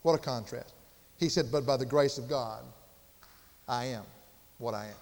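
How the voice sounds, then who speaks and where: A man preaching a sermon, earnest, slowing down and building for emphasis. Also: medium pitch. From Southern United States. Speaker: pastor. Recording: reverberant church hall.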